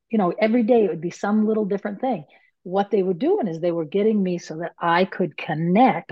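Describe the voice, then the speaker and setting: A woman's voice: lowish voice, no room sound, highs cut off. A woman medium and author, telling her story casually and acting out her own panicked inner voice.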